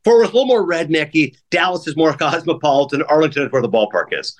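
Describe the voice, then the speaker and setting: Fast-talking male podcast host. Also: a little high. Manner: rapid, animated anecdotes with acted-out quotes. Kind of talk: casual storytelling chat.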